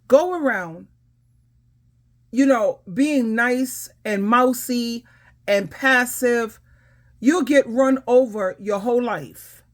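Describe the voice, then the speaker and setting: A middle-aged woman advice coach giving emphatic, authoritative reaction commentary. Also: a little high.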